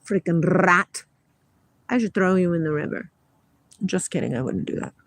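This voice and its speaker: A woman's voice: on the low side, animated, moderate pace. A middle-aged woman hosting a casual livestream, chatting, laughing often and reading spiritual passages aloud, outdoors near water. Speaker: livestream host.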